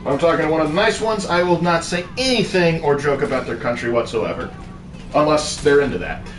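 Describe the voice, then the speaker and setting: A man's voice: on the high side, lively intonation, a little fast, distant mic. Off-mic man with dry asides. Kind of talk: casual gameplay chat. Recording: echoey, a bit off-mic, faint noise.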